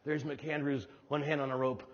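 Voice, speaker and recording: A middle-aged man from New Jersey giving a humorous storytelling keynote speech, acting out voices with animated delivery. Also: medium pitch, moderate pace. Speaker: keynote speaker. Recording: dull hall recording with long reverb.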